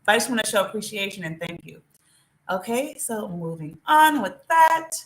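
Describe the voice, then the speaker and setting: A woman hosting a live stream, talking straight to her viewers in an animated, chatty way. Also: mid-range voice, moderate pace. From United States. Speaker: vlogger. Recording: roomy echo.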